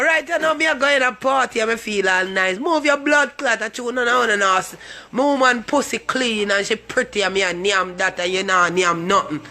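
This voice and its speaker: Brash high-voiced Jamaican man ranting. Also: bright, forceful tone, a little hiss or hum. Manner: brash, swaggering, crude and taunting. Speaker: comic vlogger. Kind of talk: boastful comic rant to camera.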